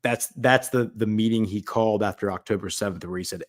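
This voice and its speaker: A man's voice: on the low side, a little fast, few pauses. A man hosting a casual talk show, telling a long story full of fillers and acted-out quotes. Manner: rambling, filler-heavy, acts out quotes. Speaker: podcast host.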